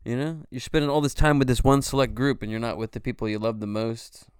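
Smooth-voiced man in his forties, rambling. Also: medium pitch, little pitch movement, quick pace, no room sound, clean studio sound. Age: 40s. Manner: rambling, swears freely, says "you know" constantly. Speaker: podcast host. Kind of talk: casual solo monologue.

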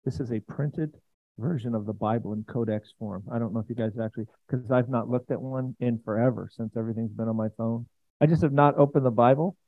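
A man's voice: medium pitch, a little fast, no room sound. A man preaching a conversational sermon in a church, chatty and enthusiastic, with frequent asides to the congregation. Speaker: pastor. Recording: dry, tinny phone-like sound.

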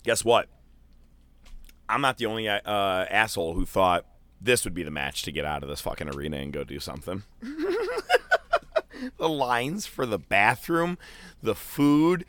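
A man chatting casually as a podcast co-host, telling a loose, profane story full of fillers and jumping into animated quoted voices. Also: normal speed, long pauses, no echo. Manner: animated, jumps into high-pitched quoted voices. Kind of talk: casual chat.

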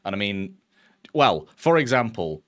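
Excitable English man chatting football. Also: on the low side, a little slow. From England. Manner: excitable, laughs and rambles. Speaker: podcast co-host. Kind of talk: casual football chat.

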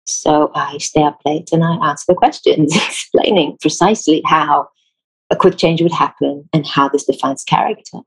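A woman from Israel with an Israeli accent, a theatre designer telling anecdotes in an interview, animated and laughing often. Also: low voice, normal speed, husky, rough recording. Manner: animated storyteller, laughs often, acts out quotes.

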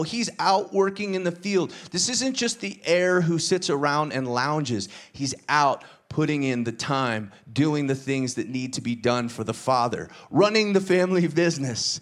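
A male pastor delivering a sermon with a somewhat raised voice. He tells the story with energy and often slips into the characters' voices, mixing scripture with casual asides. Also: moderate pace. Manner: animated storytelling, acts out dialogue with shifting pitch.

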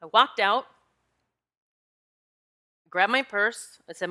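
A woman with a bright, forceful voice tells a personal story in a relaxed monologue. She sounds animated and confiding and speaks straight to her listeners. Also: mid-range voice, takes it slowly. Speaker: spiritual energy practitioner.

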